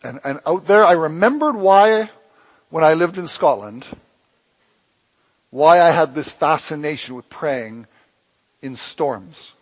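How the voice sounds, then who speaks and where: A man preaching a sermon as pastor of his church, impassioned, swinging between loud emphatic lines and hushed ones. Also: a little high, animated, takes it slowly, long pauses, poor audio.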